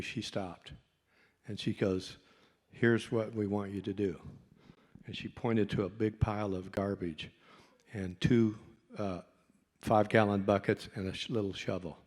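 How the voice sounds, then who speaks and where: A man's voice: lowish voice, steady tone, moderate pace, long pauses, darkish tone. A middle-aged man, a doctor, tells a folksy, self-mocking story to a convention audience. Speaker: doctor and speaker. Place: convention hall. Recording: long hall reverb.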